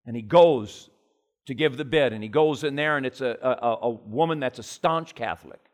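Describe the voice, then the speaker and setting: A man preaching a sermon with passion, climbing loud and high in his stories and then dropping low and quiet into prayer. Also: moderate pace.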